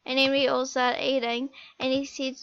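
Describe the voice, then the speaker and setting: A young female vlogger retelling a story in a rambling, halting way, often restarting her sentences. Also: sits high, little pitch movement, a bit bright, smooth, muffled recording. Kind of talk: storytime vlog.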